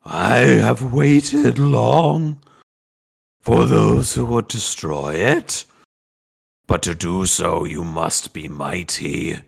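A man's voice: lowish voice, exaggerated voice. A man voicing a menacing male ghost that possesses a body and guards a cursed sickle, speaking in solemn, threatening pronouncements. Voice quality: gravelly, slow and looming. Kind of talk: game master voicing a creature.

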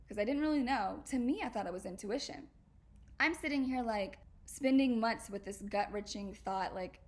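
A woman's voice: mid-range voice, a bit bright. A young woman hosting a podcast, chatting confessionally in a casual, slangy way, laughing often and bursting into emphatic exclamations. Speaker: podcast host.

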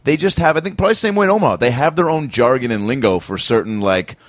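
A man hosts a podcast in a loose, rambling way and keeps breaking into laughter. His pitch moves around a lot, and the recording is dry and close. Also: lively intonation, quick pace, no echo. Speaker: podcast host. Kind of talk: casual podcast chat.

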